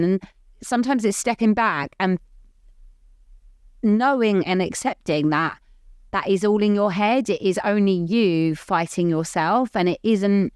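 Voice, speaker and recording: A woman's voice: medium pitch, measured pace, darkish tone, clean tone, dry recording, studio quality. A woman co-hosting a podcast, talking openly in a rambling, earnest way full of "like". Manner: rambling, heavy use of "like", open and earnest. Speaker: podcast co-host. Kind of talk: candid casual chat.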